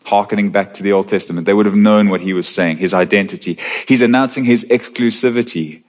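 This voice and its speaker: A pastor with a lowish male voice delivers an earnest sermon. He leans into key words, slowing down to stress them as he explains a passage. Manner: earnest, emphatic preaching with slow stressed phrases.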